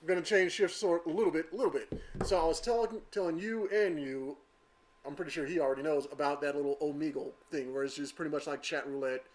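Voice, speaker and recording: A middle-aged man speaks as a podcast co-host, his pitch sitting slightly high. He pronounces his words crisply and plainly, in an easy, conversational way. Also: quick pace, slight background noise. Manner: crisp enunciation, plain talk. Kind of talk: casual podcast chat.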